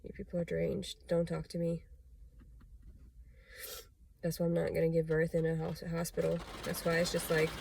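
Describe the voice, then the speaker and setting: A woman's voice: low voice, monotone, moderate pace, creaky, pauses often, darkish tone, breathy edge. A woman talking straight to camera in a confessional vlog, rambling and agitated, swearing often. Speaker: vlogger.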